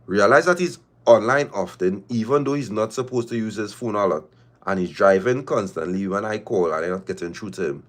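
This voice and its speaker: A man hosting a livestream, reading viewer confessions aloud and reacting with drawn-out exclamations and slang. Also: on the low side. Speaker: livestream host.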